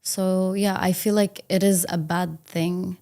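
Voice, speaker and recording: A woman's voice: lowish voice, level tone, slow pace, dark tone. A woman from India, a test candidate, answering speaking-exam questions thoughtfully with occasional fillers. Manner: thoughtful, with fillers like um and you know.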